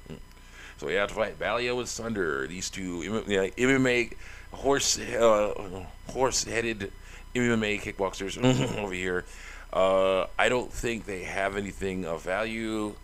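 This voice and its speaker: Male let's-play host: low, gravelly, rambling, laughs a lot. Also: normal speed, a bit bright. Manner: chatty, rambling, laughs often. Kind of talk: casual game commentary.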